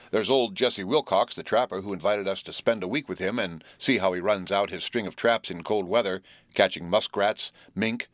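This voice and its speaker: A man's voice: lowish voice, dry recording, close to an everyday voice. Man doing teenage boy, cheerful, teasing, dry close mic. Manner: teasing, drawn-out storytelling.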